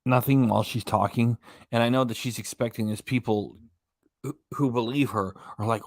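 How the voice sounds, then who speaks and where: A man's voice: medium pitch, steady tone, normal speed, dry recording. Man, reaction host, casual mocking commentary, rambling, dry close sound. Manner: mocking, rambling, loses his train of thought.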